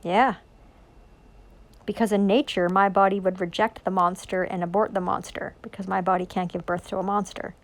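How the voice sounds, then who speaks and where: Woman ranting about scripture, swears a lot, keeps going "right?", mid pitch, preachy. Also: flat delivery, moderate pace. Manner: intense, profane, preachy with frequent rhetorical questions. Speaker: self-styled religious preacher. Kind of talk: rambling monologue on scripture.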